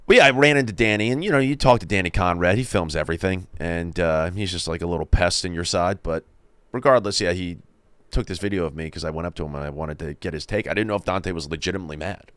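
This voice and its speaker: Man, casual banter, rambling, laughs a lot, low voice, dry close sound. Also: fast, fairly bright tone, clear, resonant tone, no room sound. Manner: rambling, laughs often, talks while chewing.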